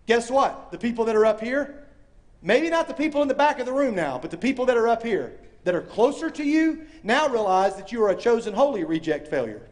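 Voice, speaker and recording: A man preaching a sermon to a live audience, animated and acting out voices, swinging from loud to hushed. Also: very high voice, brisk. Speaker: speaker. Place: university chapel or hall with audience.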